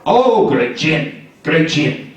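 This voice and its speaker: A man's voice: a little high, sing-song, drawn-out words, heavily acted. A man playing a sly, cowardly trickster man in a live shadow puppet show, talking in a pleading, scheming way. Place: large echoey library hall, live show. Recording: echoey hall, picked up from far off.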